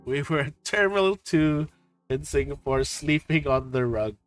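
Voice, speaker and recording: A man from the Philippines chatting casually with his viewers about trip photos, excitable, swearing and laughing often. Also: on the high side, moderate pace, no echo, faint music behind. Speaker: streamer host.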